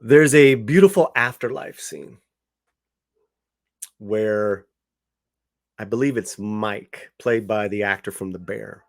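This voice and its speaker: A man's voice: lowish voice, no room sound, clean studio sound. A man giving a casual spoken film review, conversational, with many fillers and restarts. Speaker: movie reviewer.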